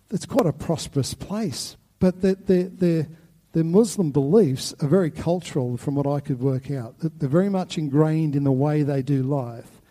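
A man preaches a sermon, earnest and passionate. His voice sits a little high yet sounds mellow and dark in tone. He often repeats words as he builds toward a point. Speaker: pastor.

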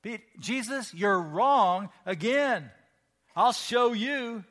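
A man's voice: high voice, expressive, very slow, fairly bright tone, big-room sound, pitched above the performer's own voice, heavily acted. A man voicing an overconfident male disciple who talks in a boastful, defiant way.

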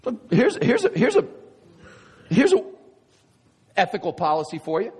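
A man's voice: sits high, wildly swooping pitch, normal speed, darkish tone, slightly rough. A man preaching a sermon as a pastor, emphatic, firing off sarcastic rhetorical questions. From United States. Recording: long reverb of a large hall.

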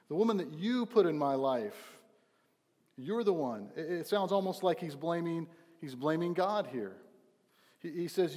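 A man's voice: fairly high pitch, expressive, normal speed, a little mellow, big-room sound. A young man preaching a sermon at his church, earnest and emphatic, often restarting his phrases. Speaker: pastor.

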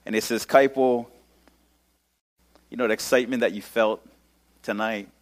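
A man's voice: mid-range voice, fairly even intonation, normal speed. A male pastor telling a personal story in a casual sermon, using lots of local slang.

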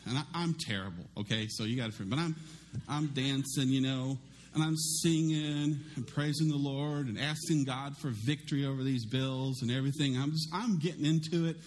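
A middle-aged male pastor preaching a sermon in a conversational, self-deprecating way, with lively swings in his voice. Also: mid-range voice, fairly quick, slight background noise.

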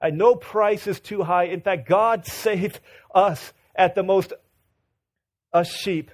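A man's voice: sits high, takes it slowly. A man preaching a sermon, telling a mission story with many restarts and rising to fervent emphasis. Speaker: pastor.

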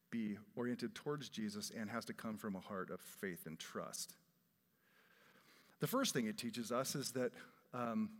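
A man preaching a sermon in a conversational, expressive way, his voice swelling for emphasis. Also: mid-range voice. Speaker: pastor. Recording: long reverb of a large hall.

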